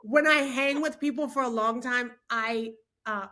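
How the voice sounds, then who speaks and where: Bright, high-voiced animated woman speaker. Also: a little slow. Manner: expressive, preacherly, laughs often. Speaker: guest speaker. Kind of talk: animated podcast conversation.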